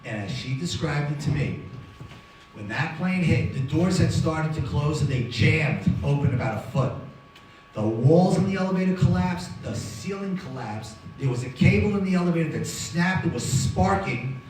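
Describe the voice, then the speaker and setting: A man's voice: a little high, lively intonation, moderate pace, a little mellow, soft background music. A man, telling a dramatic survival story to an audience as a guest speaker. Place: hall with audience. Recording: very echoey hall from far off.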